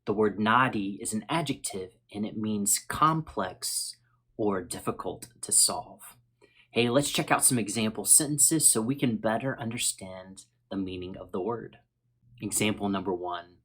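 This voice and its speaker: An American man hosting an English vocabulary lesson, speaking in a friendly, slow and deliberate way as he repeats words for learners. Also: on the low side, a bit bright, slightly rough. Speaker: English teacher.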